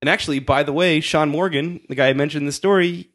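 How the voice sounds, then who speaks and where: A man's voice: a little high, fast, a bit bright. A man telling a story in casual chat, laughing often and acting out quotes. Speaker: podcast co-host telling a story.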